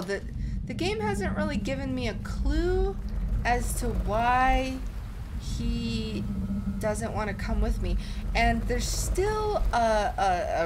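A woman gaming YouTuber giving excitable let's play commentary, thinking aloud and gasping at surprises. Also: on the high side, a little hiss or hum.

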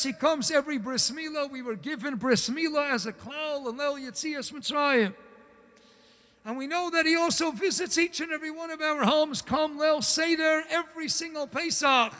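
A man's voice: very high-pitched, pushed and bright. A man giving a talk as a rabbi, telling a story dramatically and acting out its characters. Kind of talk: sermon storytelling. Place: large synagogue hall. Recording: reverberant hall.

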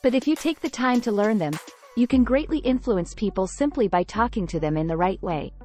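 Over faint, soft music, a woman narrates a scripted book summary in a measured, explanatory way. Her pitch sits in the ordinary middle range for a woman.

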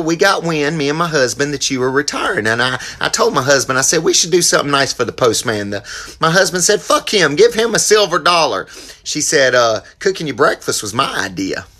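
A man telling a joke to camera in a relaxed, slightly hesitant way, with frequent pauses and fillers. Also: mid-range voice. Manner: relaxed, hesitant, many uhs. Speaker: joke teller.

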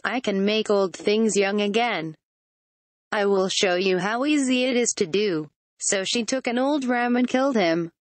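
Steady female storybook narrator, dry sound. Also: mid-range voice, no echo. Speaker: audiobook narrator. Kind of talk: scripted storybook narration read aloud.

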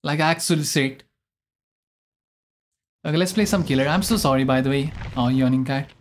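A young man streaming a game live, chatting in a rambling, excitable way and often mocking his own mistakes. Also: medium pitch, moderate pace, slight background noise. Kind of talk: live gameplay commentary.

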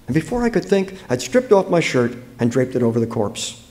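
An author from the United States giving an expressive, dramatic public reading of his own fiction at a book fair. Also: medium pitch, a little fast.

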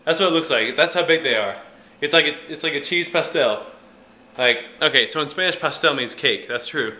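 Young male vlogger, bright tone, loose rambling delivery, self-deprecating humor. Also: a little high, a little fast. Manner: rambling, jokey and self-mocking, with many fillers. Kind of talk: casual vlog chat.

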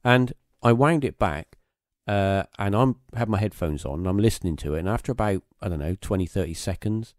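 Man, very low voice, dry close sound, rambling anecdotal podcast talk. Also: expressive, brisk, dry recording. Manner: rambling anecdotal storytelling with many fillers. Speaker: podcast host. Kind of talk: casual conversation, storytelling.

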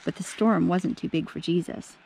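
Woman teacher, storybook read-aloud, animated, warm mellow tone, talks to the kids. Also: on the low side, normal speed, vocal fry, slight background noise. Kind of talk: reading a storybook aloud to children.

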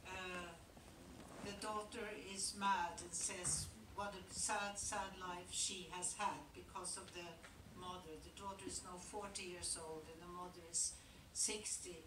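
A woman, telling stories reflectively in an onstage Q&A, pausing and restarting as she goes. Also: lowish voice, fairly even intonation, background noise. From Norway. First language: Norwegian. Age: 70s. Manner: reflective, halting, with pauses and restarts. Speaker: guest actress answering audience questions. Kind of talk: onstage Q&A storytelling. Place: large theater auditorium. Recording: echoey hall, picked up from far off.

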